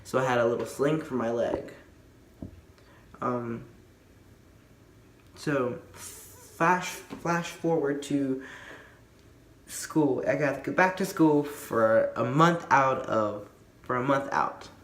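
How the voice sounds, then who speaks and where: A man's voice: medium pitch, takes it slowly, pauses often, a bit bright, a little hiss or hum. Rambling man in an echoey room. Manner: rambling, lots of fillers and restarts. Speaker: vlogger. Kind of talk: casual storytime.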